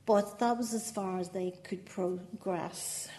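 Slow and warm, with medium pitch and fairly even intonation, an older Northern Irish poet talks through a conversational interview against slight background noise. Her accent is from Northern Ireland, and she's chatty, laughing frequently and joking at her own expense.

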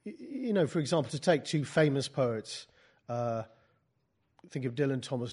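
A man teaching a poetry workshop, talking in a halting way with many restarts and dry asides, and reading passages from his own book. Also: mid-range voice, expressive, darkish tone, slightly rough.

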